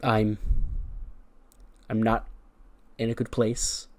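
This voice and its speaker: A man's voice: lowish voice, monotone, slow pace. A man voicing a weary veteran male wrestler who talks hesitantly and stammers.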